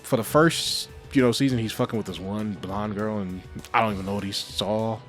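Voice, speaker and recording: A man's voice: lowish voice, brisk, faint music behind. Swearing man giving a casual review. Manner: animated, heavy swearing, frequent laughs. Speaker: show reviewer.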